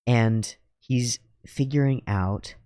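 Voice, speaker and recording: A man rambling through a profane, philosophical monologue at home while high on drugs. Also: takes it slowly, warm tone, no room sound, clean studio sound. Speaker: YouTuber.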